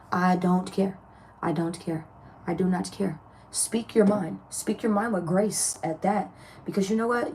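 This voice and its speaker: A woman's voice: mid-range voice, warm tone, slight background noise. A woman giving a casual tarot reading to her viewers, chatty and blunt, laughing often and swearing freely. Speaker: tarot reader.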